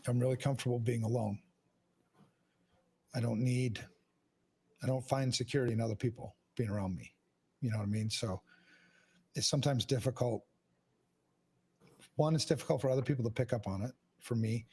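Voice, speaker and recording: A man's voice: medium pitch, fairly quick, pauses often, dark tone, slightly rough. A man hosting a podcast, talking frankly and casually, swearing often and restarting his sentences. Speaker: podcast host. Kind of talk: candid casual conversation.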